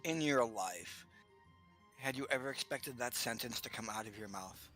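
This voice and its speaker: A man's voice: mid-range voice, normal speed, music in the background. A man in casual chat during a game stream, rambling and joking with frequent laughter. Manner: jokey, rambling, laughs often.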